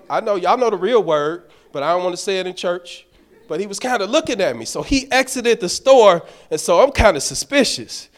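A middle-aged man, a deacon telling stories in a sermon and building to passionate peaks. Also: high voice. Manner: bellows street-vendor calls in stories. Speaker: deacon preaching. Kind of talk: storytelling sermon.

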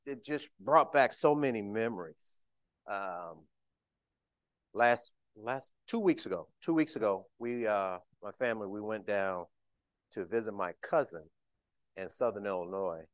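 Folksy middle-aged man preaching, low-voiced. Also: no echo. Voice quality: emotional, tearful. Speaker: church deacon. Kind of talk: sermon.

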